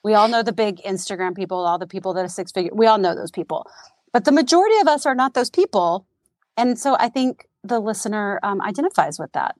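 A woman's voice: medium pitch, lively intonation, fast talker, no echo. A woman co-hosting a podcast in casual chat, chatty, rambling and self-mocking. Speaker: podcast co-host.

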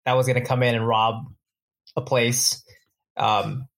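A man chatting casually, thinking aloud and pausing with fillers. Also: mid-range voice, little pitch movement, vocal fry, fairly bright tone. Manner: musing, hesitant with fillers. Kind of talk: casual chat.

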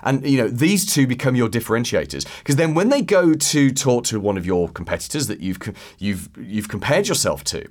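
A man hosting a solo podcast, talking casually and acting out phone calls in quick put-on voices. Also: mid-range voice, sing-song. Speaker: podcast host.

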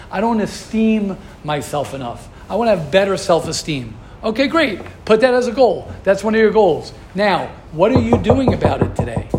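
A man with a high voice gives an earnest class to his students. He coaches them by firing the same question again and again. Faint noise hums behind him. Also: darkish tone. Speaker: rabbi teaching a class. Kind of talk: Torah class talk.

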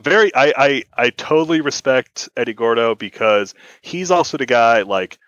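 A man's voice: medium pitch, animated, normal speed, a bit bright, no echo, muffled recording. A man in a casual podcast chat, telling an anecdote in a laid-back, storytelling way. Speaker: podcast co-host.

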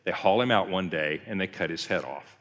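A man's voice: low voice, brisk, a bit bright. A man preaching a conversational teaching sermon as a pastor, telling the story and acting out quoted lines. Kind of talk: teaching sermon, Bible study session. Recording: long hall reverb.

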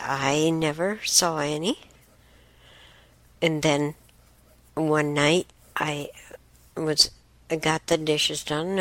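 Middle-aged woman, low voice, slow and rambling casual storyteller, dry close sound. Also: a bit bright, dry recording. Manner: unhurried, rambling with fillers and restarts. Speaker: host.

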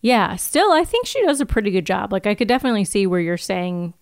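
A woman co-hosting a podcast in relaxed, chatty conversation, with fillers all through her recaps. Her voice is smooth and clear. It sounds dry and close to the mic. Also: mid-range voice, fast talker, no echo. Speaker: podcast co-host. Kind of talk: casual chat.

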